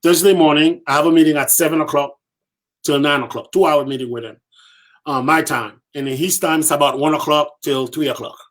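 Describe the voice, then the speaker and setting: Animated man telling a story. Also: a little high, brisk. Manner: lively, acts out quoted voices, repeats himself for emphasis. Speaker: podcast guest.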